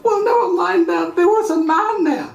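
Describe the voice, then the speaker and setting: Brief: woman doing a high, tearful, insistent little girl, echoey live room. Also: normal speed, gravelly, lo-fi sound. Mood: upset. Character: ten-year-old girl, upset and insistent.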